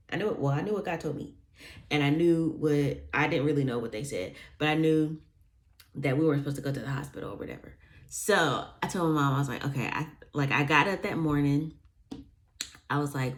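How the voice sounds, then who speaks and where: A young woman casually telling a personal story, rambling with lots of fillers and restarts, sometimes dropping to a near-whisper on asides. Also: sits low.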